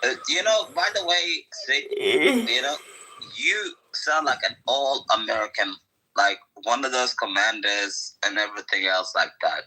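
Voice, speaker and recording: A man with a rough, damaged voice, rambling in casual chat with profanity and constant "like" and "you know". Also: fairly low pitch, lively intonation, measured pace, pushed and bright, poor audio. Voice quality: rough, damaged voice from a childhood injury. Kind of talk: casual chat in an online audio room.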